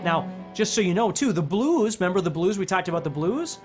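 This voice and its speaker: A man's voice: high voice, sing-song, brisk. A man giving a casual guitar lesson, explaining step by step and checking in with the viewer as he goes. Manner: explanatory, checks in with "okay?" and "right?". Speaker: guitar instructor. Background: guitar playing.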